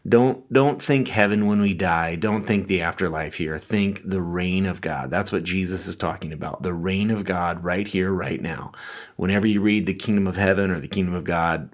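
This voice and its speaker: A man preaching a sermon in a conversational way, reading scripture and explaining it with asides. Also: low voice. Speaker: pastor.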